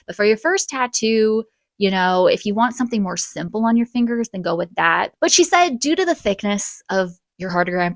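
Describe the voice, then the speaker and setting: A young woman telling a casual storytime vlog, chatty and animated, with quick bursts and gasps. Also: fairly low pitch, no room sound. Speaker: vlogger.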